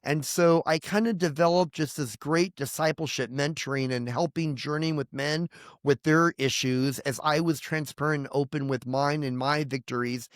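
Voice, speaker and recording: Pastor in his fifties, earnest rambling testimony, voice sitting a bit high, close and dry. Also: fairly even intonation, moderate pace, no room sound. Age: 50s. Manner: earnest, rambling with restarts and quoted prayers. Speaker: pastor and guest. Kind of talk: candid personal testimony.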